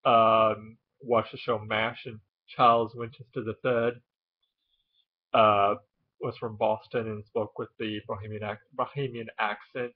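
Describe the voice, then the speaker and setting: Halting man explaining, lo-fi sound. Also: lowish voice, flat delivery. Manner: hesitant, many ums and uhs. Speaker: video host. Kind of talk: casual explainer talk.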